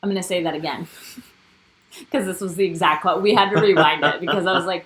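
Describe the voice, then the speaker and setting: A woman co-hosting a casual recap show, chatting and quoting people with animated emphasis. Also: fairly low pitch, a little fast, low-quality recording. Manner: animated, quotes cast members. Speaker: co-host.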